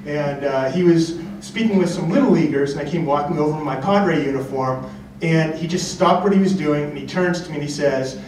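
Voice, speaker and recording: A man's voice: a little high, normal speed. Man telling a story in an echoey hall. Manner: chatty, lots of filler words. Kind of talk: live story slam. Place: large convention hall. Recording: echoey hall from far off, background noise.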